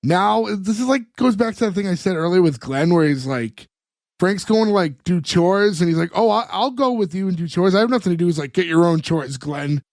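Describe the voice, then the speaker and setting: Male podcast co-host, slightly higher voice, retells scenes and plays out the dialogue, dry close sound. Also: animated, fairly quick, dry recording. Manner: retells scenes, acting out the characters' lines. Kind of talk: casual chat recapping a sitcom episode.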